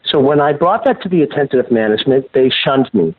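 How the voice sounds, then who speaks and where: A man answers interview questions over a tinny phone line, his voice thin and narrow. He recounts events in a measured, emphatic way, at a middle pitch. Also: expressive. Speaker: guest, former banker and whistleblower.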